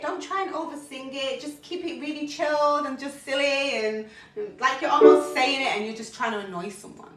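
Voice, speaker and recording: A woman vocal coach talking casually through her warm-up routine, relaxed and chatty, breaking into sung practice sounds. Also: high-pitched, moderate pace, loud music behind the voice. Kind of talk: casual vocal warm-up lesson on a live stream. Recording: echoey room, voice a little off-mic.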